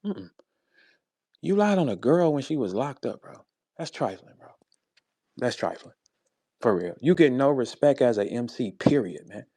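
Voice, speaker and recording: A man with a St. Louis accent calling out a rival in a heated, profane monologue, tossing in "bro" and "man" and swinging from low muttering to loud high outbursts. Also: sing-song, normal speed, long pauses, husky, no echo. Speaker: battle rapper addressing a rival. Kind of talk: heated monologue on a live audio space.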